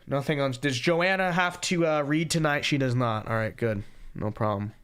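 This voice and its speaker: A tired but talkative young man runs a podcast livestream, chatting loosely and reading super chats with sarcastic, joking remarks and recurring catchphrases. His voice is medium-pitched and smooth, a little bright, at a moderate pace.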